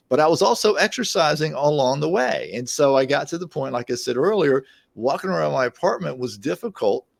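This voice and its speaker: Gravelly-voiced man in his sixties telling stories. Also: mid-range voice, no echo. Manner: storytelling, anecdotal, with restarts. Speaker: podcast guest, mind-body therapist. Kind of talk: casual interview conversation.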